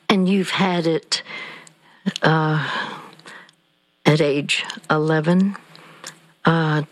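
Slow, gravelly radio counselor. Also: mid-range voice, no room sound, rough recording. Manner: slow, measured, with soft affirmations. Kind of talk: call-in counseling.

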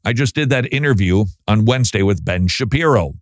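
A man's voice: fairly low pitch, expressive, fairly quick, no echo, studio quality. A man hosting a Christian talk show, chatting wryly and reading listener emails aloud. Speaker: Christian radio host. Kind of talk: casual talk show commentary.

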